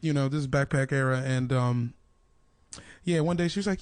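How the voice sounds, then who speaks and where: A man's voice: medium pitch, moderate pace, clean tone, no room sound. A young man co-hosting a comedy podcast, telling a story in a loose, offhand way. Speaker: podcast co-host. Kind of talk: casual comedy chat.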